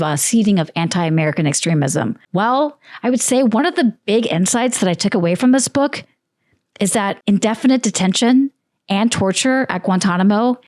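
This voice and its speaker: A woman hosting a book discussion, mid-pitched and recorded dry and close. She talks through her script with sarcastic asides and punchy emphasis. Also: a little mellow, no echo. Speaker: book commentary host. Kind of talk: casual scripted commentary.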